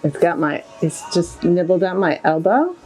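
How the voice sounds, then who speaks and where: A woman's voice: lowish voice, expressive, moderate pace, a little mellow, rough recording. A woman narrating a hands-on horse bodywork session as she does it, chatty and step by step. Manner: chatty, talks through each move as she works. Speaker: equine bodywork practitioner. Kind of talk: live narration of a hands-on technique. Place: with a horse, in a stable or yard. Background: faint music.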